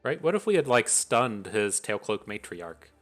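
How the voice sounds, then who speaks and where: A man with a fairly low voice talks through his card game in a casual, thinking-aloud way. He weighs each play analytically and with a wry edge. Faint music plays underneath. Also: very animated, normal speed, fairly bright tone. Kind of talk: casual gameplay commentary.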